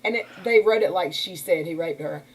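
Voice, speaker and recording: A woman's voice: lowish voice, brisk, low-quality recording. A woman hosting a casual livestream, talking in a rambling, indignant way. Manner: rambling, indignant, uses y'all. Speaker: livestream host. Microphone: computer mic on a stream.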